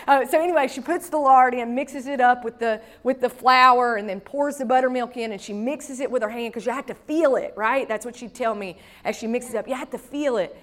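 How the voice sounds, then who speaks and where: A woman's voice: a little high, fairly quick, hardly any pauses, fairly bright tone. A woman pastor, preaching a sermon through a personal story with folksy asides.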